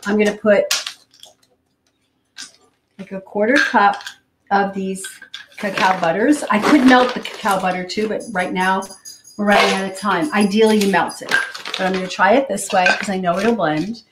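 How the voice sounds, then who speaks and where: A woman hosts a live cooking demonstration, chatty and a little rushed as she thinks aloud between steps. Her voice sits at a middle pitch and carries through a roomy home kitchen. Pots, cutlery and dishes clatter clearly behind her. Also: fairly even intonation, noisy background. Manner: hurried, chatty, thinks out loud. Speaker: cooking show host.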